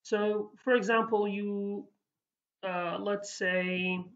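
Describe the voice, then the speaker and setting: A woman's voice: mid-range voice, steady tone, slow pace, dull audio. Hesitant woman teaching a language lesson. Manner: hesitant, many fillers and restarts. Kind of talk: casual spoken lesson.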